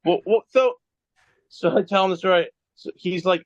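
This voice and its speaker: A man's voice: sits high, moderate pace, no room sound. Rambling man on a dull call line. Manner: rambling storyteller who laughs at himself. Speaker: guest wrestler. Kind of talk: casual podcast chat. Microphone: phone on a video call.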